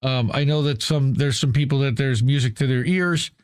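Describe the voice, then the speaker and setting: A man's voice: mid-range voice, moderate pace, smooth, no echo. Profane male commentary host, dry sound. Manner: profane, conversational, reads aloud then comments. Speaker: news show host. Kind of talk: casual commentary reading and reacting to an article.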